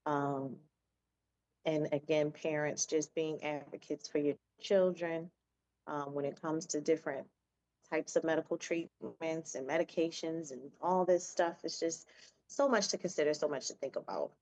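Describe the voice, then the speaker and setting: Easygoing low-voiced woman radio co-host. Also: fairly even intonation, normal speed, a little mellow. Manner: easygoing, chatty, sports fan talk. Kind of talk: casual chat.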